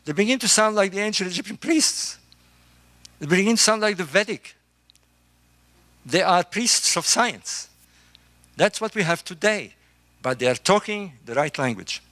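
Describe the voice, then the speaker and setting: Middle-aged guy, construction engineer, lecturing a room, emphatic and animated, kinda high voice, dry close sound. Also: normal speed, pauses often, no echo. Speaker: speaker on ancient engineering. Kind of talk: lecture-style talk to a live group.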